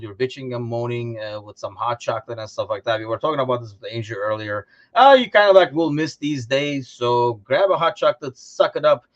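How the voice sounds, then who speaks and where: A young man from Turkey hosting a live podcast, telling stories in lively casual chat and laughing often. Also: mid-range voice. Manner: animated storyteller, laughs often. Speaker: podcast host. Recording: lo-fi live stream audio.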